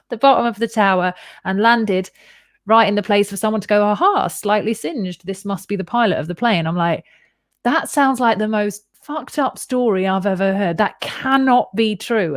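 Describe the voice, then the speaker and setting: A woman's voice: medium pitch, dry recording, studio quality. A woman telling a personal story to a host in casual conversation, rambling and candid, swearing freely and acting out her own reactions. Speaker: guest.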